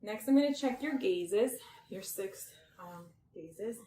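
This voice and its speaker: A woman guiding someone through a clinical health exam step by step, gentle and reassuring, often checking in with "okay?". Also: medium pitch, lively intonation, slow pace. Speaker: examiner doing a health assessment. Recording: roomy with faint background noise.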